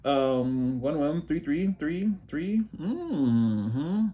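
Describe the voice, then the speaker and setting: A giggly, excitable man gives a casual tarot reading with a fairly high voice. He rambles on fast, keeps breaking into laughter, and calls himself a motor mouth. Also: phone-quality sound. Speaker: tarot reader.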